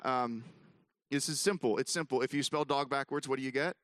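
Bright, animated man telling a story. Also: medium pitch, fairly quick, no room sound. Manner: animated storyteller, many fillers and restarts; self-mocking humor. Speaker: ministry conference speaker. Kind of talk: storytelling talk to an audience.

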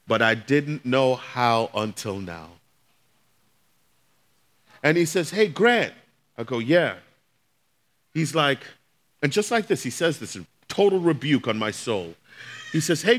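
A man's voice: fairly high pitch, fairly bright tone. A middle-aged man, a pastor, telling a personal testimony as a sermon, acting out the voices of the people in his story. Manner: storytelling, acts out quoted voices.

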